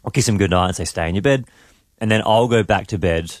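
A man's voice: fairly low pitch, fast talker, no room sound, clean studio sound. A man, hosting a morning radio show and telling a family story in casual chat. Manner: storytelling, animated quoting of his son. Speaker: radio host. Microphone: studio mic.

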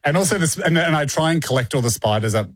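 A man hosting a podcast, telling stories in an animated way and laughing often. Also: fairly high pitch, fast, background noise. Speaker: podcast host. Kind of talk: casual podcast chat.

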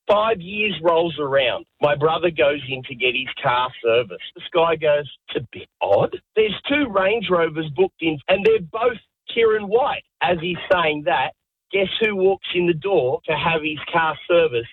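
A man phones in to a radio show, and his voice comes through a tinny phone line, husky and slightly high. He tells his story briskly, acting out the people in it. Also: no room sound. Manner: brisk storyteller, acts out quoted lines. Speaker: caller.

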